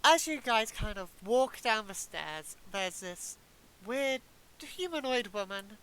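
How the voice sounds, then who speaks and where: A woman's voice: fairly high pitch, very animated, slow, fairly bright tone, clean tone, poor audio. A woman acting as game master, casually narrating a tabletop game and laughing along with her players. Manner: casual, laughing, describes scenes loosely. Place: home, streamed live.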